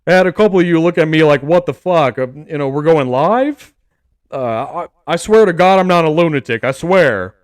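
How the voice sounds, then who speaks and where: A man's voice: a little high, expressive, normal speed, no echo, studio quality, natural voice. A man imitating an impassioned football head coach, speaking in an earnest, emphatic, pleading way.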